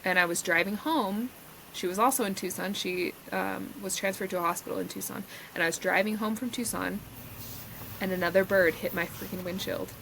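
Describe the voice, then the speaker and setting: A woman's voice: medium pitch, brisk, gravelly, a bit bright. A woman in her thirties co-hosting a podcast, chatting casually and rambling with lots of "like". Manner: rambling, heavy use of "like". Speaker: podcast co-host. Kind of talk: casual chat. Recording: noisy recording.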